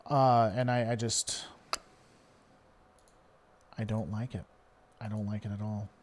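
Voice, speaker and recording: A man's voice: lowish voice, flat delivery, takes it slowly, a little hiss or hum. A man from Tennessee with a faint Southern American twang, hosting a live stream and chatting casually as he reads and answers viewer comments, rambling with many fillers and restarts. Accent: mild Southern American twang at times.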